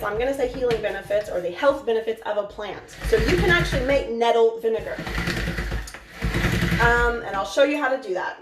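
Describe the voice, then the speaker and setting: A woman with a fairly high voice chats excitably through a live cooking stream, rambling and restarting her sentences as she goes. She sounds a little distant from the mic, in an echoey home kitchen with a faint hiss underneath.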